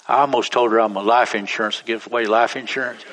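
A man's voice: medium pitch, fairly even intonation, fast, a bit bright, a little hiss or hum. A man, preaching a sermon as pastor, telling stories in a folksy, rambling way that repeats itself. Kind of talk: sermon storytelling. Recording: long church reverb.

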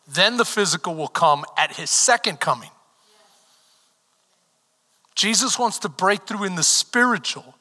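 A man preaching a sermon as pastor, swinging from shouted lines down to near whispers. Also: sits high. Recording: reverberant hall.

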